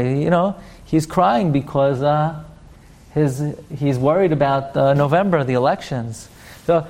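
A man teaching an online Torah class, explaining texts in an animated, jokey way. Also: on the high side.

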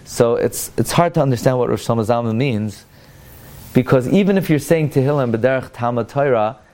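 A man teaching a Torah class as a rabbi, weaving Hebrew and Aramaic quotations into his English explanation, asking rhetorical questions and jumping sharply in pitch to stress his points. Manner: animated, with sudden jumps in pitch for emphasis. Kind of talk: Torah study lesson.

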